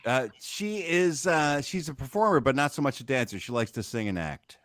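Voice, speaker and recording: A middle-aged man chatting as a guest, talking about his daughter in a measured, reflective way. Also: mid-range voice, animated, a bit bright, no room sound. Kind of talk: casual chat.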